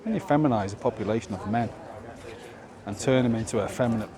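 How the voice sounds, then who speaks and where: A man's voice: medium pitch, fast, crowd noise. A man vlogging outdoors on a town walk, rambling and opinionated, full of rhetorical questions. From Britain. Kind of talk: casual walking monologue. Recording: outdoor street noise.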